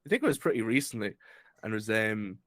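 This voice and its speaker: A man's voice: lowish voice, very animated, fast talker, a bit bright, no room sound, clean studio sound. A man with an Irish accent, co-hosting a casual podcast, retelling clips he has seen and laughing along. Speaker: podcast co-host. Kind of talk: casual chat.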